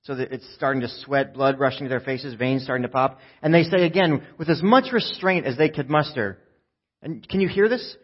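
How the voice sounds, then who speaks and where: A man preaching a sermon, retelling a scripture story with lively storytelling and acting out the characters' lines. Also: fairly high pitch, a little fast, husky, dull audio. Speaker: pastor.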